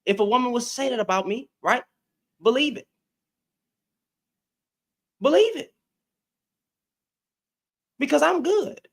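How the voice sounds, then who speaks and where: This streamer's voice is extremely high and creaky, with lively intonation, and he talks fast. It's casual commentary aimed straight at his chat, full of repetition and taunts.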